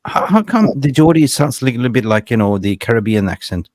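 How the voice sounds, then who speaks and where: A man's voice: medium pitch, lively intonation, quick pace, a little mellow, no echo. A man hosting a casual football fan chat, telling stories with lots of laughs and repeated words. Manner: chatty storyteller, laughs often, repeats words. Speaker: host.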